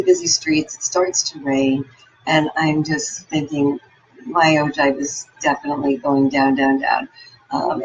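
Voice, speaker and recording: A woman's voice: sits low, husky, highs cut off. Upbeat woman giving a motivational talk. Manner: upbeat, encouraging storyteller. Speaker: motivational speaker. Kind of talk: motivational talk with personal stories.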